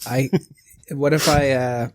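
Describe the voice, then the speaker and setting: A man's voice: mid-range voice, fairly even intonation, slow pace. A man co-hosting a comedy podcast, giggly and teasing, often laughing mid-sentence. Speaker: podcast co-host. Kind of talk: casual comedic chat.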